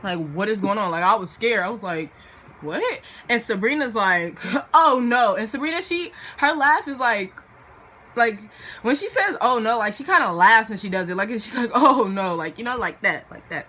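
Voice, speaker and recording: A woman's voice: mid-range voice, lively intonation, a little fast, pushed and bright. A teenage girl telling a storytime vlog in a chatty, dramatic way with lots of fillers, acting out the people in her story. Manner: chatty and dramatic, filler-heavy, acts out voices. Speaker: vlogger.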